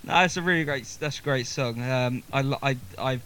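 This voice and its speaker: A man's voice: medium pitch, a little fast. A man hosting a music session, chatting in an upbeat, jokey way and laughing often. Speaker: host of a music session show. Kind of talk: casual hosting chat.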